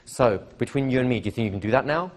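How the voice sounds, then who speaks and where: A middle-aged man teaches hypnosis to a live seminar audience, his medium-pitched voice expressive and very fast. He's chatty and repetitive, repeating phrases and often checking in by asking the audience questions.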